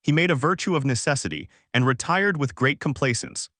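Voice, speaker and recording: A man narrating a classic novel in an audiobook with a steady, formal reading. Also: mid-range voice, fairly quick, no room sound, studio quality.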